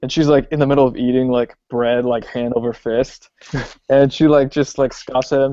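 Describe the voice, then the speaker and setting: A man co-hosting a podcast, talking casually about films with many pauses and ums. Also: mid-range voice, a little hiss or hum. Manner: relaxed, hesitant with many ums. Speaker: podcast co-host. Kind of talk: casual film discussion. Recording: dull lo-fi podcast audio.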